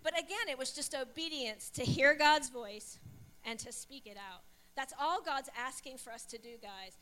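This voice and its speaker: A woman's voice: high-pitched, moderate pace, a little hiss or hum. A woman, a pastor's wife, preaching a sermon and telling personal stories animatedly, acting out dialogue. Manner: animated, storytelling with acted-out dialogue.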